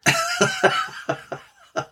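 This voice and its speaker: A man's voice: very high-pitched, monotone, drawn-out words, bright, forceful tone, a little hiss or hum. A man co-hosting a podcast, chatting casually through a card game with a laugh and an easygoing, trailing-off way of talking. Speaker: podcast co-host.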